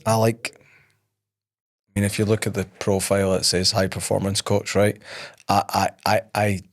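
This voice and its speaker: A man with a gravelly, creaky voice chats casually on a podcast. He rambles and jokes at his own expense while talking about coaching people. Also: fairly low pitch, flat delivery, unhurried. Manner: joking, self-mocking, rambling. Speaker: podcast host and high performance coach.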